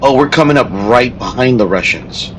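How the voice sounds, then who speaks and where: A man of middle pitch chats casually as he plays a strategy game. He tells his stories in a loose, rambling way, often stopping to restart a sentence. There is a faint hum of room ambience behind him. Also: animated, moderate pace, a bit bright, poor audio. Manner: rambling storytelling with frequent restarts. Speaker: gameplay streamer and teacher. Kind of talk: casual chat while playing a strategy game.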